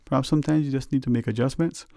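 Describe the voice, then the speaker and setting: A man's voice: medium pitch, fairly even intonation, racing, gravelly, mellow, no echo. A man hosting a radio talk show, rambling and folksy with lots of "you know", earnestly advising listeners from a studio microphone.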